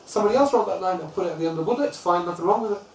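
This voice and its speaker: A man from the UK gives a lesson on classical poetry, telling stories and rattling off chanted verses. His voice sits a little high. The room is echoey and the mic is some distance away, with faint ambience behind. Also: slight background noise. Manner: storytelling, chants lines of verse quickly. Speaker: religious teacher.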